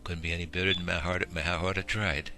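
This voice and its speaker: A happy-go-lucky shelter cat gushes in a folksy way, as a man voices it with a very deep voice. Music runs behind. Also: little pitch movement, quick pace, sharp tone. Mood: cheerful.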